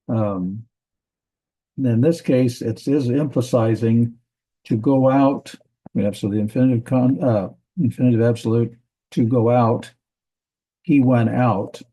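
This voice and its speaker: A man teaching a grammar lesson from a Bible language textbook, methodical, repeating words and pausing with fillers. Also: mid-range voice, dark tone, slightly rough, poor audio.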